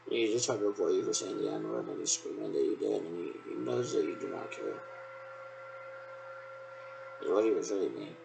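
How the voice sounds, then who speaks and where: A man's voice: sits low, wildly swooping pitch, normal speed, vocal fry, long pauses, background noise. A man in a rambling, repetitive monologue that loosely strings thoughts together, recorded on a laptop webcam.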